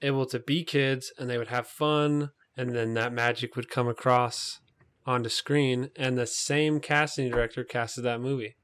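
A man's voice: mid-range voice, steady tone, moderate pace, a bit bright. A man hosting a casual movie podcast, chatting loosely with fillers and side tangents. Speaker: podcast host.

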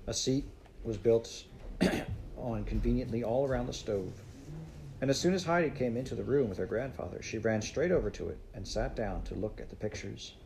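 A man reading a classic children's storybook aloud in a measured, unhurried way. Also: mid-range voice, expressive, creaky, a little mellow, slight background noise, rough recording. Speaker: audiobook narrator.

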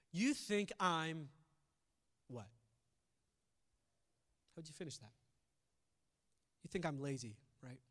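A male pastor giving a conversational sermon, shifting between loud emphasis and quiet reflective asides. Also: a little high, long reverb tail.

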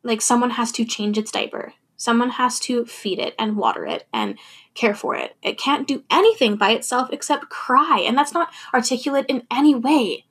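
A woman's voice: on the high side, big pitch swings, moderate pace, fairly bright tone, slightly rough. A young adult woman talking candidly and thoughtfully about her feelings in a personal monologue, laughing now and then.

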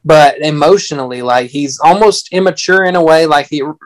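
A man's voice: a little high, fairly quick, low-quality recording. A man talking through a film in a casual chat, rambling earnestly with frequent restarts.

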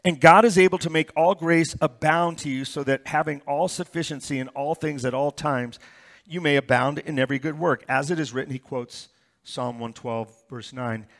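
A pastor giving a sermon, reading scripture verses aloud and explaining them with stories and asides. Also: male voice, a little high, normal speed.

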